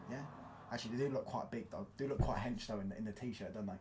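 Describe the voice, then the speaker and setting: A man's voice: lowish voice, fast, a little mellow, a little hiss or hum. A man with a London accent chatting casually on a football live stream, reading out comments, dropping slang and constantly checking you follow him. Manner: casual slangy, keeps asking "do you get what I'm saying".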